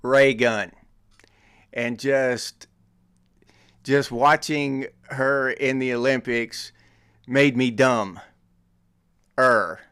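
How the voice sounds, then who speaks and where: A man's voice: medium pitch, fairly even intonation, drawn-out words, pauses often, fairly bright tone, clear, resonant tone, no room sound. A middle-aged American man hosting his own show, teasing and joking in casual commentary with frequent chuckles. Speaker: podcast host.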